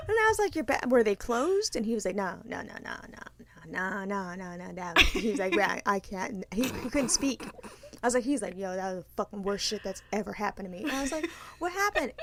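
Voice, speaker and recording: A woman's voice: on the high side, a little hiss or hum. A woman in her thirties, a podcast co-host telling a story in casual chat, blunt and profane, breaking into hard laughter.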